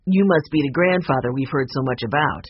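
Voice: mid-range voice, fairly quick, highs cut off, slight background noise, close to an everyday voice. A narrator voicing a friendly young man, a balloonist, in a storybook reading, in a plain, easygoing way.

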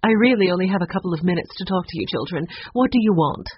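A guarded woman of about fifty talks in a brisk, clipped, cold manner, as a narrator puts her on. The voice has a husky edge and lively pitch. The recording is dull and lo-fi.

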